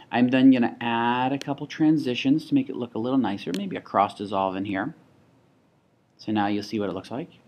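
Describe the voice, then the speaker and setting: A man with a young child, teaching a software tutorial in a casual, think-aloud way, with restarts and asides. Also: mid-range voice, slight background noise. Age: adult with a child. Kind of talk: screen-recorded tutorial.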